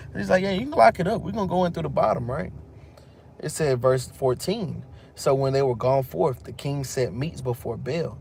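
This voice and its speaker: A man's voice: medium pitch, vocal fry, a little mellow, slight background noise. A man with a Texan accent teaching from scripture, reading verses aloud and then retelling them in loose street slang. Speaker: teacher of a religious group. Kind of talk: bible teaching with casual commentary.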